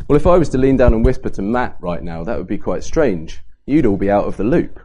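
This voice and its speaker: A man giving a Bible talk at a camp, lively and varying his pace and emphasis to make points. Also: lowish voice, brisk. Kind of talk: sermon to a youth camp.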